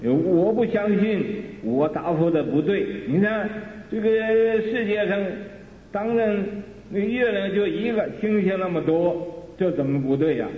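A man's voice: on the high side, voice pushed up, natural voice. Brief: a man voicing a hot-headed young disciple, emphatic and raised, tinny echoey recording. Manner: protesting, emphatic. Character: indignant young male disciple, hot-tempered.

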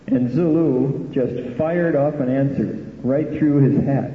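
A man's voice: medium pitch, slow, hardly any pauses. Man interpreting a story, echoey hall. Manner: plain, with fillers. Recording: tinny echoey hall recording.

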